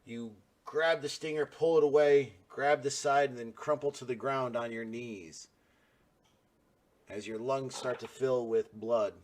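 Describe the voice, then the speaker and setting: A man running a tabletop game, describing the fight in a loose, rambling way with plenty of fillers. His voice sits in a middle pitch. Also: fairly even intonation, unhurried. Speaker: game master.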